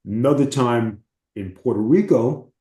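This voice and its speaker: A man, a former wrestler, telling profane, animated stories as an interview guest. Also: medium pitch, a little slow, echoey room. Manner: animated, profane storytelling with acted quotes. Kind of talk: casual storytelling.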